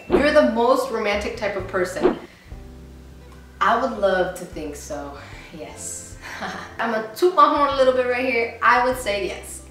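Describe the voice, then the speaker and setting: A young woman vlogging casually, chatty and rambling with a playful manner. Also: medium pitch. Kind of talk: casual vlog reading comments. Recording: very echoey room, faint noise.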